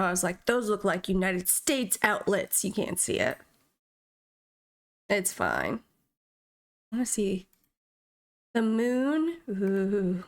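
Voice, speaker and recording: A young woman streaming a video game, chatting casually in a playful, self-mocking way. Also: mid-range voice. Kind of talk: casual live-stream chat.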